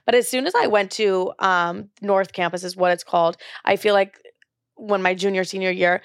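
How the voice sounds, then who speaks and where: On her podcast, a young woman tells her own tale in a frank, talkative way, peppered with profanity and vivid reenactments of what people told her. Her mid-range voice is smooth and runs at normal speed, recorded cleanly in a studio without room sound.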